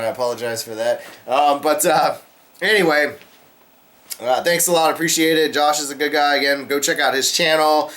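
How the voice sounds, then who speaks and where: A man hosting a casual beer vlog, talking in a relaxed, rambling way with lots of fillers while he sips beer. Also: fairly high pitch. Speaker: beer review vlogger, channel host. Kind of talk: casual chat to camera.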